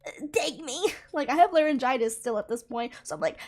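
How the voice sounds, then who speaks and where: High-voiced young woman telling a story. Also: fast. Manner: animated, laughing, swearing freely. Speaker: gaming channel creator. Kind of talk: casual storytelling chat.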